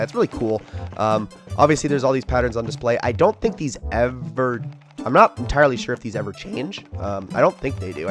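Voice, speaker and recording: A man hosting a video game let's play, chatting casually and lively, often tripping over his words. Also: medium pitch. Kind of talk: casual gameplay commentary.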